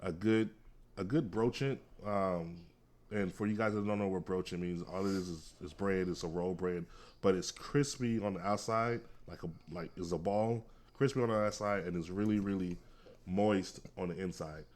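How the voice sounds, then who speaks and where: A man's voice: low voice, normal speed, a little mellow. A man co-hosting a casual food podcast, easygoing and rambling, with lots of fillers. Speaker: podcast co-host.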